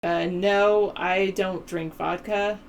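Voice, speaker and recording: A woman's voice: mid-range voice, fairly even intonation, slow pace, vocal fry, slight background noise, poor audio. A woman with a Southern California valley-girl accent hosting a call-in show, chatting casually and rambling as she reads news and answers viewers' chat. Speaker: host of a call-in political show.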